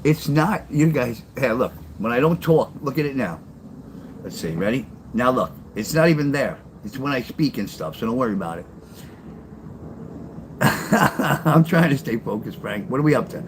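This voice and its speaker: A man's voice: medium pitch, animated, normal speed, a little hiss or hum. An older man, chatting loosely with his livestream viewers and telling stories in a blunt, rambling way that repeats itself. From New York. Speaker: livestream host and storyteller. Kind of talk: casual livestream chat with chat readers.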